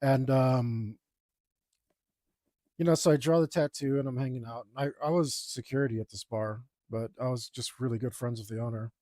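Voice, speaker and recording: A man's voice: medium pitch, moderate pace, dark tone, no echo, clean studio sound. A young man, an artist, telling a story in a laid-back, rambling way with lots of ums while he draws. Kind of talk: casual storytelling while drawing.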